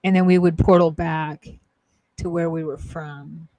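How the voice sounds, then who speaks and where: A slightly low-pitched woman co-hosts a casual spiritual talk show, speaking as a psychic-medium. She rambles and hesitates, stopping and restarting her sentences, with a dry, close sound. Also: steady tone, measured pace, dark tone, dry recording.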